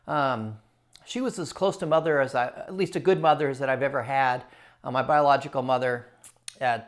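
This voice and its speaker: A man telling his own story to camera in a casual, animated way, repeating phrases for emphasis. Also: fairly high pitch. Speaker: culinary storyteller and writer.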